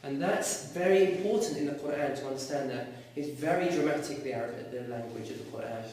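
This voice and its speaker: A man teaching a class, explaining words and questioning his students in a lively way. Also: medium pitch, fast. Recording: echoey classroom recorded from far off.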